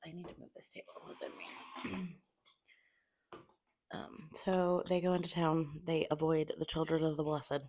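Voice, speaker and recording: A young woman talks through a fantasy book in a loose, spoilery review. Her voice sits low with a gravelly fry, and she swears freely while acting out the characters in quick asides, sometimes sinking to a near-whisper. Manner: drops to a near-whisper at times to keep quiet. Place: home room at a table.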